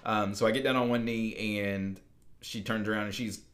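A man's voice: lowish voice, steady tone, moderate pace, fairly bright tone. A young man co-hosting a podcast, casually telling a long story with many fillers and restarts. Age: young adult. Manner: rambling, full of fillers and restarts. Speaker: podcast co-host.

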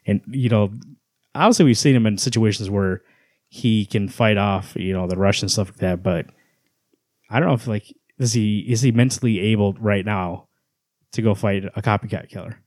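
A man co-hosting a casual podcast, talking in an animated way, swearing and acting out quotes. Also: fairly low pitch, moderate pace, no room sound, studio quality. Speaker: podcast co-host. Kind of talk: casual comic book chat.

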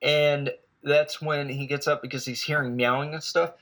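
A man's voice: on the high side, level tone, normal speed, fairly bright tone. A man recapping a foreign film in a rambling, jokey way with lots of asides. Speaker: film reviewer.

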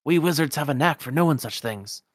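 A man's voice: a little high, lively intonation, brisk, no echo, clean studio sound, pitched above the performer's own voice. A man voicing a fussy old male wizard with cranky, theatrical outbursts. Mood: knowing.

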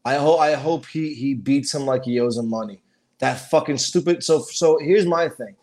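A man's voice: mid-range voice, normal speed, darkish tone. A middle-aged man in casual chat as a podcast co-host, profane and emphatic, stating strong opinions.

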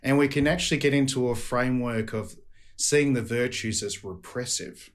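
A man's voice: mid-range voice, normal speed. A man with an Australian accent, a priest speaking earnestly as a podcast guest and leading a closing prayer. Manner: earnest, addresses listeners as friends.

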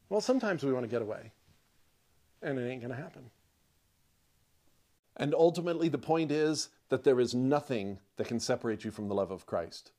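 A man's voice: mid-range voice, lively intonation, a little fast, pauses often, dark tone. A man preaching a podcast sermon in a conversational, emphatic way, repeating his points and laughing often. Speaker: pastor.

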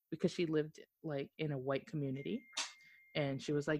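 A woman's voice: sits low, steady tone, moderate pace, mellow. A woman co-hosting a casual podcast chat, telling stories loosely and swearing freely. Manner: storytelling, swears casually, laughs often. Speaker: podcast co-host.

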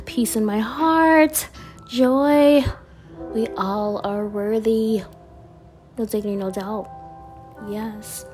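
Her fairly high voice carries a darkish tone as this vlogger reads affirmation cards slowly and deliberately. The chat is relaxed, full of laughs and slangy asides.

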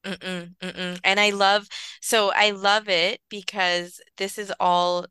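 A woman's voice: mid-range voice, flat delivery, takes it slowly, sharp tone, clear, resonant tone, dry recording. A woman guest on a podcast interview, explaining early childhood care in an earnest, conversational way with lots of "like" and "you know".

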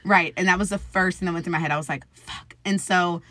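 Interview guest: woman, 20s, lowish voice, chatty storyteller who acts out quotes, dry recording. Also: steady tone, quick pace, pushed and bright, dry recording. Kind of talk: casual conversational storytelling.

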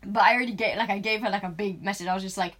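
A woman chatting casually, telling stories animatedly with lots of laughter and loud bursts. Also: mid-range voice, rapid-fire. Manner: animated storytelling, laughs a lot, gets loud when excited. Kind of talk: casual chat.

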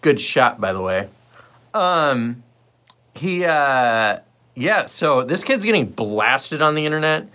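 A man's voice: medium pitch, sing-song, slow, bright, forceful tone. A man hosting a solo livestream, talking in a blunt, rambling and sarcastic way. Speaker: livestream host. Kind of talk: casual solo livestream talk.

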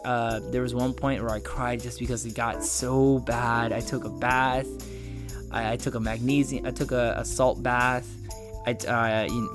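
Congested man rambling casually. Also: mid-range voice. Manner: rambling, frequent restarts. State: congested, nasal from flu. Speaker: podcast host. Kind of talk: casual personal update.

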